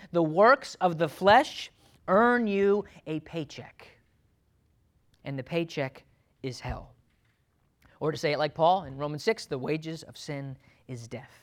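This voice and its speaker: Preaching a sermon to his church, a male pastor moves from loud urgent pleas down to quiet, low and earnest asides.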